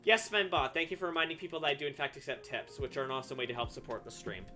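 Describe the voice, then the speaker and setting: Bright-voiced man chatting on stream. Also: mid-range voice, rapid-fire, soft background music. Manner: chatty, reads and answers chat, frequent laughs and asides. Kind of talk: casual live-stream chat while drawing.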